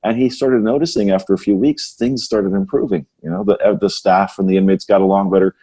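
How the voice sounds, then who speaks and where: With a low, steady, mellow voice, a man hosts a podcast at a slightly fast pace. He chats casually and muses in a rambling way, frequently ending his points with "right?"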